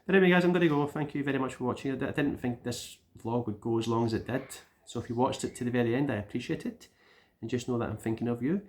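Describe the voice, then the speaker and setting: A man's voice: mid-range voice, darkish tone. A Scottish man giving a casual vlog update, rambling, with repeated words and restarts. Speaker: gaming YouTuber.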